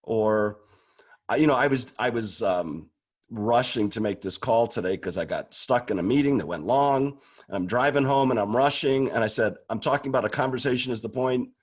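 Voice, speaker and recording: A man's voice: mid-range voice, normal speed. A man talking casually and candidly about prayer, often restarting words as he goes. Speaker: guest speaker on prayer. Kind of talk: casual conversational talk.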